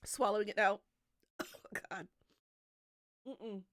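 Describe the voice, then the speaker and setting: A woman's voice: mid-range voice, steady tone, slow, fairly bright tone, no room sound, clean studio sound. A woman streaming a spicy food challenge, swearing, groaning and coughing as she talks to her chat. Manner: swears a lot, groans and coughs through the heat. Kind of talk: livestream hot-sauce challenge chat.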